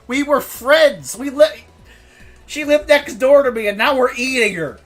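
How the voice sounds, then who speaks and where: A woman's voice: high voice, takes it slowly, long pauses, soft background music. A woman streamer chatting casually, ranting and swearing with frequent laughter.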